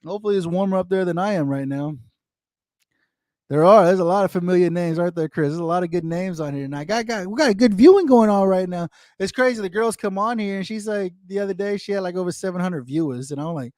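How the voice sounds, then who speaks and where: Livestream host, man in his forties, slightly high voice, dry close sound, rambling, repetitive chat. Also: fast talker, a little mellow, no room sound. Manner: rambling, repetitive, addresses viewers by name. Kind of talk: casual livestream chat reading viewer comments. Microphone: desktop microphone.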